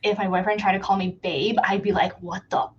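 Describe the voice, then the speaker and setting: A woman chatting casually on a reading stream, animated and giggly. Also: medium pitch, quick pace, dull audio, background noise. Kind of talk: casual chat.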